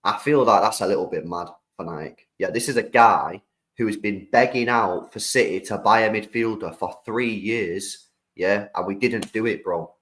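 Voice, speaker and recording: A young man with a British accent and a lowish voice reacts to football news on a live stream. He talks to his chat in a loose, slangy, animated way. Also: moderate pace, rough recording. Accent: British English. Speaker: streamer host.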